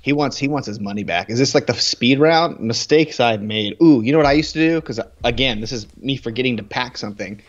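A man co-hosts a casual podcast chat, talking fast and slipping in quick jokes. His voice comes through dull lo-fi audio. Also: mid-range voice. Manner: quick joking banter. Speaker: podcast co-host.

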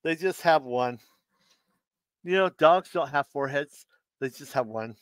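A man hosting a live stream, reading out dad jokes in a relaxed, easygoing way and laughing at his own punchlines. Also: fairly high pitch, measured pace, dry recording. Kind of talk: casual live stream joke telling.

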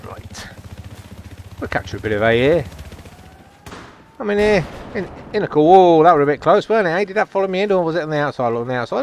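Over a video game, a man gives jokey, chatty commentary, poking fun at himself as he plays. His voice is high and gravelly, and there's a little hiss or hum in the recording.

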